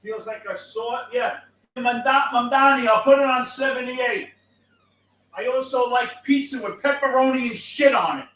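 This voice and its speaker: A middle-aged man with a New York accent ranting as a postgame show host, cursing and swinging between yelling and muttering. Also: very high-pitched, moderate pace. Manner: profane, swings from shouting to muttering. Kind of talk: ranting fan commentary.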